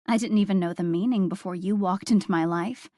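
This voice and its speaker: A woman reading a first-person novel aloud with wry, expressive storytelling. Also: medium pitch, brisk, no echo, clean studio sound. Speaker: audiobook narrator. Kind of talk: first-person audiobook narration.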